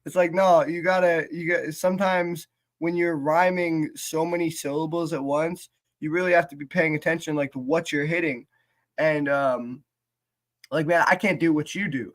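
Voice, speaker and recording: A man chatting casually as a podcast co-host, talking haltingly with lots of fillers and restarts. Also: fairly high pitch, a bit bright. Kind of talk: casual chat about writing rap lyrics.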